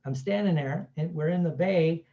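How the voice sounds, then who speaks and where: A man's voice: fairly high pitch, normal speed, lo-fi sound. A man giving a casual self-help talk, telling stories in a chatty way and often asking "right?". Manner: chatty, keeps asking "right?", acts out quoted voices.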